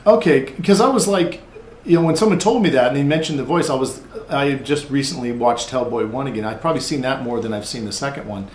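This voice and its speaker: A man's voice: medium pitch, quick pace. A man hosting a podcast, asking long, rambling, enthusiastic questions. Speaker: podcast host. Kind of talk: casual interview questions. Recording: echoey room, faint background noise.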